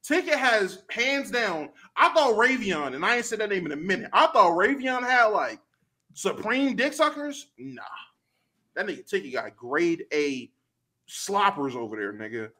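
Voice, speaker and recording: Lively bright-voiced man ranting. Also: high voice, a little slow. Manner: animated, profane, swings from loud to mumbled. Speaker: streamer host. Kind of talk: casual rant.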